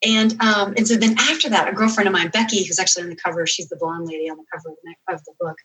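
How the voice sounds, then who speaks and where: A woman author, a guest on a podcast, telling a story in casual, animated chat and correcting herself as she goes. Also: fairly low pitch, low-quality recording. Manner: animated storyteller, quick asides and self-corrections.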